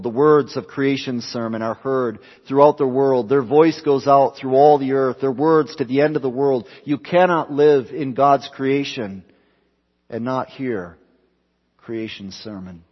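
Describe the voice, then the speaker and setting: A pastor delivering an evening sermon, building phrases through repetition and rising and falling for emphasis. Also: male voice, medium pitch, a little slow, long reverb tail, dull audio. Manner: preaching with repetition, swelling and dropping for emphasis. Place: church.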